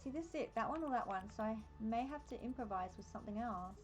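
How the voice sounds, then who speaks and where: A woman's voice: fairly high pitch, lively intonation, quick pace, a little hiss or hum. A woman with an Australian accent chatting casually on a live game stream, easily sidetracked and amused at herself. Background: faint game music.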